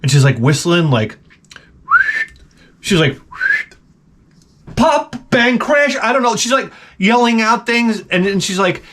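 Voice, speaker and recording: Man, channel host, rambling monologue, offhand, lively pitch, faint background noise. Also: normal speed, pauses often. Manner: offhand, meandering, lots of fillers and restarts.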